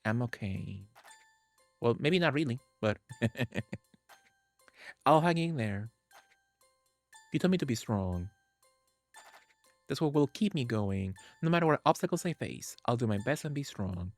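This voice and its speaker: A man reads the part of a tearful young woman in a video game farewell scene. He keeps his own mid-range voice and reads simply, without putting on a higher tone. Soft game music runs behind. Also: lively intonation, creaky. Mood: resolute. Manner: plain, unhurried reading in his own register. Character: grieving young adult daughter, tearful but resolute.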